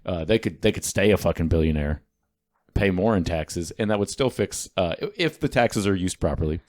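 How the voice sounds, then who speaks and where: Low-voiced man, animated and profane podcast talk. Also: normal speed. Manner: animated, swearing freely, talks over his partner. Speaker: podcast co-host. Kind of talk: casual chat.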